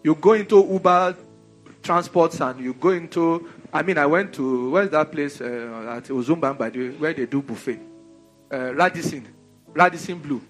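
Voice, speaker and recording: Preaching with lively, conversational energy, a Nigerian man keeps asking rhetorical questions. He talks at a normal speed in a fairly high voice over soft background music.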